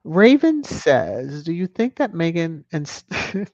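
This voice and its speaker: Slow, playful woman livestream host. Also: low-pitched, very animated, a little mellow, no room sound, dull audio. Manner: playful, chuckling, teasing asides. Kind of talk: casual livestream chat, reading viewer comments.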